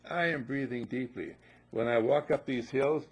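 A man's voice: medium pitch, moderate pace, husky, highs cut off. An older man telling folksy stories in a casual motivational talk, repeating upbeat affirmations. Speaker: motivational speaker.

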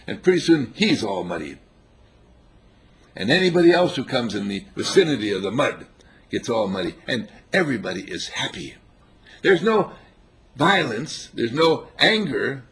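Husky guy preaching, voice swooping all over, telling stories and chuckling. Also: a little high. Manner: animated storytelling, chuckling. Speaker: spiritual teacher. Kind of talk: informal sermon.

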